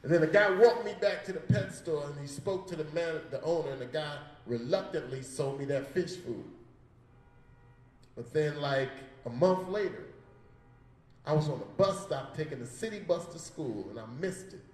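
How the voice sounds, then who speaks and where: A man's voice: fairly high pitch, normal speed, echoey room, recorded from a distance, slight background noise, poor audio. A man doing a stand-up comedy set in a gallery, telling stories on a handheld mic in a loose, profane way and voicing the people in them. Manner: storytelling with voiced characters, profane and laid-back. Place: comedy show in an art gallery.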